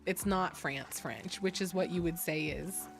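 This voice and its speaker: A woman's voice: on the low side, a little slow, gravelly, noisy background. A young woman from Ontario, chatting casually with her stream audience. She is blunt, laughs often and swears freely. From Ontario, Canada. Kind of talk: casual chat.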